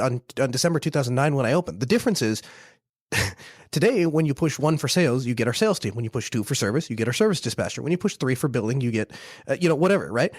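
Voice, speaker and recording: A man in his thirties hosting a casual chat, telling business anecdotes with quick laughs and frequent restarts. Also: medium pitch, no echo, studio quality. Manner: fast, animated anecdotes with self-laughs and restarts. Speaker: podcast host, business owner.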